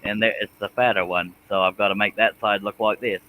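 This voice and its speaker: A man's voice: fairly low pitch, fairly even intonation, fairly quick, pushed and bright, slight background noise, rough recording. A man hosting a live stream, chatting casually and joking about himself while he draws a pattern. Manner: talks while drawing, restarts and self-deprecating jokes. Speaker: host.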